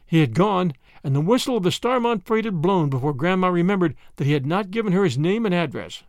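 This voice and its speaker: A man narrating a classic short story as a podcast host, in expressive, measured storytelling. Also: high voice, no echo, studio quality.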